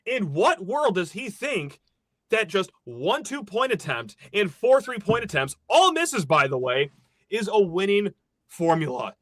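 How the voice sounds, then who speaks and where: A man's voice: sits high, big pitch swings, a little slow, a bit bright, no room sound. A man hosting a sports podcast, ranting sarcastically with lots of energy after a loss. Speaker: podcast host.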